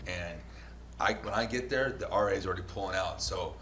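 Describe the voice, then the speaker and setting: A man hosting a show, telling a story in a casual, profane and animated way. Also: sits low, a little fast, slight background noise. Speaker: show host and news videographer.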